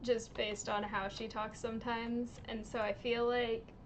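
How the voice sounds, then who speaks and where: A woman livestreaming a game, chatting casually in an unhurried way, with lots of little laughs and ums. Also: fairly high pitch, little pitch movement, a little hiss or hum. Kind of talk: casual chat while streaming a game.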